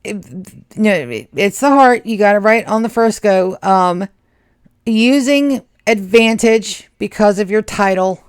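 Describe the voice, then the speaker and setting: A woman running a tabletop horror game as game master, narrating gore in a slow, drawn-out way. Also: medium pitch, lively intonation, smooth.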